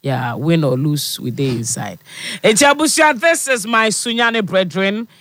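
A high-pitched man with a Ghanaian accent hosts a casual live stream chat, talking in an encouraging way and mixing English, pidgin and Twi. The sound is close and dry, with no room echo. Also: big pitch swings, moderate pace, a bit bright.

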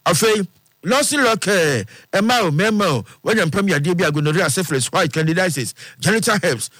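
A man's voice: fairly high pitch, a bit bright, no room sound. Ghanaian man reading radio news and ads. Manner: brisk, rhythmic delivery, repeating phone numbers. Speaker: radio news presenter and ad reader.

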